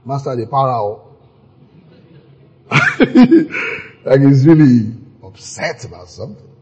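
A man preaching a sermon, animated and acting out scenes with sudden exclamations, his voice very husky. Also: high voice.

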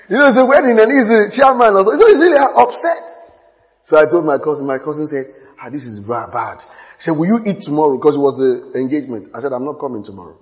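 A man preaching a sermon as pastor, animated, laughing often and repeating phrases. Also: on the high side, brisk. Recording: long echoey hall reverb.

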